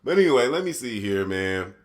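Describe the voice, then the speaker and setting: A man's voice: mid-range voice, sing-song, a little fast. A man hosting his own podcast, telling a story in a casual, profane, laughing way. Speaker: podcast host.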